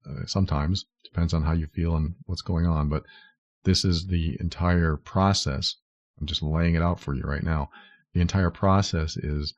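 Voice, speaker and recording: A low-voiced man talks at a moderate pace with fairly even intonation, hosting a solo advice podcast. He's earnest, walks through points step by step, and sometimes acts out what someone might say. The audio is dry with no room sound but lo-fi.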